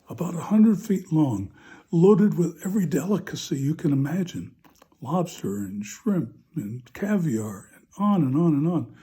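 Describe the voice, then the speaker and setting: A parish priest gives a homily and tells a funny story in a relaxed, chatty way, often pausing with "uh." His voice is very dark and mellow. It also sits slightly high for a man. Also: slightly rough.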